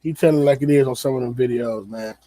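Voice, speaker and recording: A man's voice: mid-range voice, quick pace, warm tone, dry recording. A man hosting a podcast in a casual solo commentary, talking loosely with many fillers and repeated words. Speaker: podcast host.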